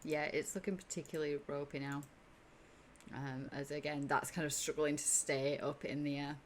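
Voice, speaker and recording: A woman's voice: deep voice, little pitch movement, normal speed, slight background noise. Giggly woman running a tabletop game. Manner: giggly and playful, laughs often. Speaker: game master.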